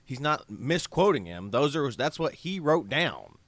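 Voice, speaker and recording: A man's voice: medium pitch, big pitch swings, a little slow, fairly bright tone, no room sound. A man co-hosting a talk show, setting up clips in a matter-of-fact way. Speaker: show co-host. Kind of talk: casual commentary chat.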